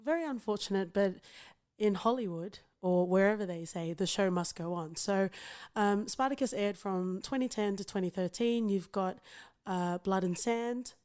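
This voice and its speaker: A woman's voice: medium pitch, moderate pace, darkish tone, smooth. A woman with an Australian accent co-hosting a podcast, chatting casually in a playful, profane way and often laughing. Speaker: podcast co-host. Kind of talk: casual chat.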